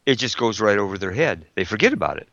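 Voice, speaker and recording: A man co-hosting a talk show, speaking in a halting way and repeating words. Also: on the low side, big pitch swings, fairly bright tone, no room sound, lo-fi sound. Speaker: co-host. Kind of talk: casual chat.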